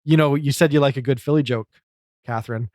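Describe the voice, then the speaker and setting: A man's voice: mid-range voice, fast talker, a little mellow, no echo. Chatty man reviewing comedy, dry sound. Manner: talkative, analytical, many fillers. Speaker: podcast co-host. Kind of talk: casual chat reviewing a comedy show.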